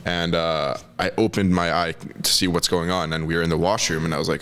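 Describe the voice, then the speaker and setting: A man's voice: low voice, level tone, a little fast, background noise. A man casually telling a story on a podcast in a laid-back, matter-of-fact way.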